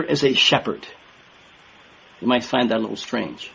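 An older man delivers a sermon with earnest emphasis, repeating his key words to drive them home. His voice is a little husky, and the recording sounds dull and muffled. He talks straight to the congregation in a plain, practical way. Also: mid-range voice, expressive, normal speed, bright, forceful tone. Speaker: minister.

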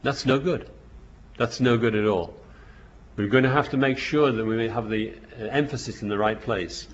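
A man preaches a sermon, reading scripture verses aloud and then explaining them, with frequent restarts and bursts of emphasis. His voice is medium-pitched at a normal speed, and the lo-fi recording sounds dull.

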